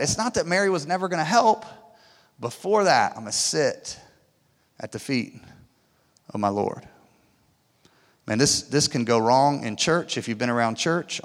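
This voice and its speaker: A male pastor preaches with a slightly high voice, rising to loud emphatic peaks and dropping to hushed asides. The long reverb of a large church hall trails after his words. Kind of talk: sermon. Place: church auditorium.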